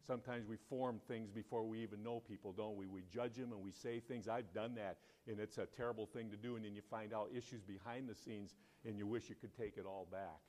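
A man preaching a sermon to his church, telling stories in a conversational way and rising to loud, emphatic peaks. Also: fairly low pitch, fairly even intonation, a little fast, few pauses. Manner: conversational storytelling, asks the congregation questions. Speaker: pastor.

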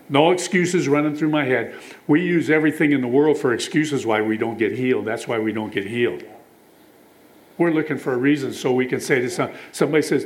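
A man's voice: mid-range voice, brisk, rough recording. Man preaching a sermon on healing. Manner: storytelling, quotes scripture, asks the congregation questions.

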